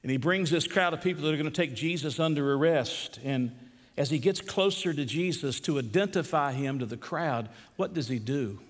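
A male pastor delivering a sermon, swinging between hushed, slow lines and raised, emphatic ones. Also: a little high. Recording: long hall reverb.

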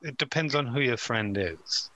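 Very bright-voiced joking man. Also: medium pitch, animated, moderate pace, dry recording, rough recording. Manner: joking, swears freely. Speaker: player. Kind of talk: casual tabletop game banter.

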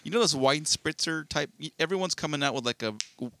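A young Southern California man co-hosts a podcast, spinning a long, rambling story in casual chat and swearing freely. His voice sits a little high and comes out fast, pushed and bright.

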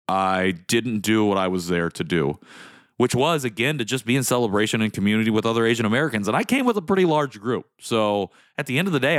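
A man's voice: lowish voice, fairly bright tone, smooth, no room sound, studio quality. A young man hosting a solo podcast, talking in a candid, rambling way about his week. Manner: candid, rambling, emotional at times. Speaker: podcast host.

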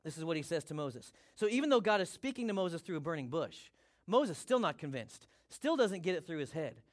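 A man preaching a sermon as pastor, energetic and emphatic, repeating his key points. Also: fairly high pitch, a little fast.

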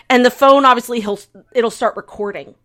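A woman's voice: fairly high pitch, moderate pace. Chatty woman podcaster, rambling recap. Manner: rambling, heavy use of "like", animated retelling. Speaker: podcast co-host. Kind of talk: casual chat, recapping a drama.

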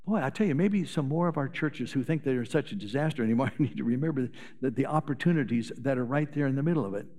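A man's voice: medium pitch, animated, quick pace, few pauses, a little mellow, long reverb tail. An older man, a retired pastor, preaching a sermon in a folksy storytelling way, sharing anecdotes. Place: church sanctuary.

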